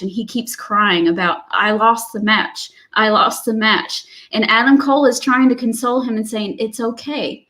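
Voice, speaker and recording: A woman co-hosting a wrestling podcast, recapping a match in animated, chatty storytelling. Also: a little high. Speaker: podcast co-host. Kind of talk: casual chat.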